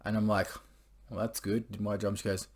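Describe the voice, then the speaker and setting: A man's voice: on the low side, flat delivery, fairly quick. A young man casually telling a story to camera, rambling and crude, full of swearing and filler words. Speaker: vlogger.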